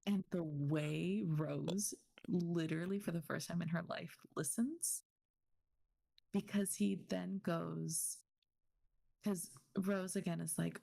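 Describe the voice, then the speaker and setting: A woman co-hosting a book podcast, retelling scenes bluntly with swearing and a fast, excited delivery. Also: on the low side, creaky. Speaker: podcast co-host. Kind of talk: casual book recap chat.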